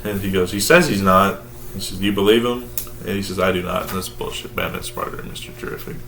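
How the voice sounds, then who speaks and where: Low bright-voiced man retelling comics. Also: fast talker, creaky, slight background noise. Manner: retells scenes in flat quoted dialogue, joking. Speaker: podcast co-host. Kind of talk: casual comic book review chat.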